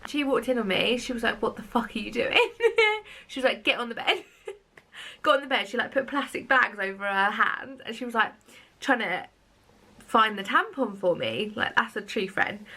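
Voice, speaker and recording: A young Englishwoman chatting straight to camera in a vlog, laughing through her story. Her voice sits a little high and comes across bright and lively. She talks in quick, breathless bursts. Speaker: vlogger.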